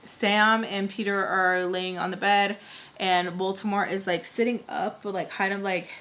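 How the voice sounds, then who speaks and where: A woman's voice: medium pitch, flat delivery, unhurried, a bit bright. A young woman vlogger telling a casual storytime, chatty, filling her speech with "like" and acting out what others said. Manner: chatty, heavy use of "like", acts out quoted lines.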